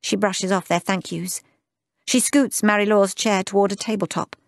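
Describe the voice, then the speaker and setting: A woman narrating a literary audiobook in a measured, lyrical, unhurried way. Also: medium pitch, steady tone, gravelly, no room sound, studio quality.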